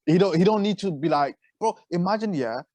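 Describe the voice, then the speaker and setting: A man co-hosts a podcast, speaking fast in a mid-range voice. His manner is animated and slangy, with casual swearing. The sound is close and dry, with little room around it. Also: high voice, dry recording. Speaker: podcast co-host. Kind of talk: casual chat.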